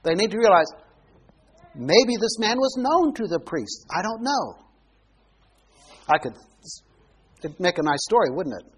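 A high-pitched male preacher with a husky edge teaches his sermon in a conversational way. He talks with his listeners rather than at them, often turning to ask them questions. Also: big pitch swings, unhurried, long pauses.

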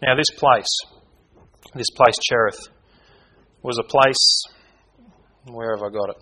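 A man's voice: medium pitch, fairly even intonation, slow pace, sharp tone, poor audio. A man preaching a conversational Bible sermon, informal and given to correcting himself and hunting for his place in his notes.

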